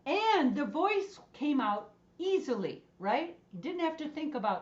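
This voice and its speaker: A woman's voice: high voice, big pitch swings, measured pace, highs cut off. A woman voice and choir instructor leading an online movement and singing class in a playful, encouraging way over a video call.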